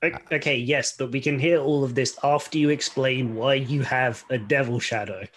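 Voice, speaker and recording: A man's voice: mid-range voice, fairly even intonation, moderate pace, fairly bright tone, a little hiss or hum. Blunt man at the table. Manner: blunt, confrontational. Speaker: player. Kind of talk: casual tabletop play.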